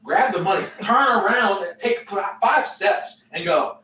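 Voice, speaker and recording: A man co-hosting a casual podcast among friends, excitable, laughing a lot and jumping into the story. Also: sits high, unhurried, distant mic. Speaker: podcast co-host. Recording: roomy, off-mic with faint background noise.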